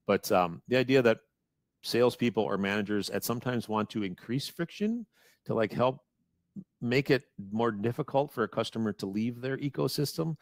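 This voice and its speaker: A man's voice: mid-range voice, moderate pace, no room sound, studio quality. A man with a Wisconsin accent, presenting at a webinar and rambling through a casual explanation with many restarts over a video call. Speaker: guest presenter.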